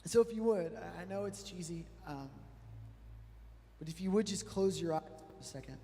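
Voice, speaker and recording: A man with a high voice delivers a sermon in a large church hall. His delivery swells from hushed and soft up to loud, shouted peaks, and long reverb trails after every line. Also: normal speed. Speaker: preacher.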